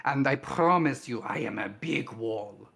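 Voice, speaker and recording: A man playing a big, protective male warrior who speaks slowly and formally in a tabletop game. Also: mid-range voice, animated, vocal fry, fairly bright tone, breathy edge, exaggerated voice. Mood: threatening. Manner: slow, formal, threatening.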